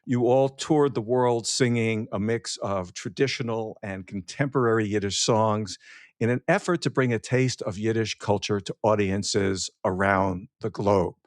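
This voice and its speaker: A man's voice: on the low side, dry recording. Man hosting, dry close sound. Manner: measured questions, brief surprised reactions. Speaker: podcast host, interviewer. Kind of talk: interview questions.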